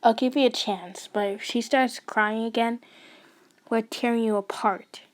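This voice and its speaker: A woman's voice: on the high side, steady tone, unhurried, lightly acted. A woman reading the lines of a stern, protective middle-aged father who is hostile, blunt and threatening. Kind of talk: audio fanfiction reading.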